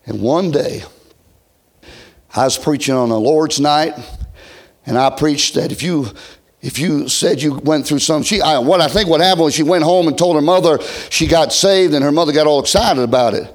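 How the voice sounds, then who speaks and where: Middle-aged man, pastor, high voice, folksy revival preaching with big loud-to-soft swings. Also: normal speed. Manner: folksy, swinging from loud shouting to hushed near-whisper. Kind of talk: revival sermon.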